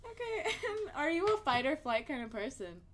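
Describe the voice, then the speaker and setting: A woman's voice: high-pitched, very animated, moderate pace. A young woman hosting a casual podcast, asking bubbly, giggly questions. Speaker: podcast host. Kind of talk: casual chat.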